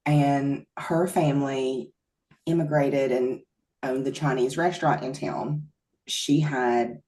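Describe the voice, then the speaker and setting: A woman's voice: extremely low pitch, echoey room. A woman with an Appalachian accent, chatting animatedly as a podcast co-host and telling stories with easy laughter. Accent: Appalachian American. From Appalachia, USA. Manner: animated storyteller, laughs easily. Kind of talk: casual chat.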